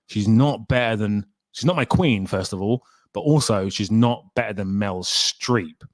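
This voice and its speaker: Dude hosting a stream, chatty and excitable, normal pitch, dry sound. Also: male voice, a little slow, hardly any pauses, no room sound. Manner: animated, exclamatory, laughs often. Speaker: host. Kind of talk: casual livestream chat.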